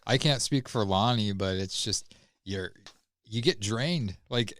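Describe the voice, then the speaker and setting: A man co-hosting a podcast in casual chat, halting and hesitant as he talks. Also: fairly low pitch, a bit bright, a little hiss or hum. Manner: hesitant, many fillers and restarts, halting. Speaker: podcast co-host.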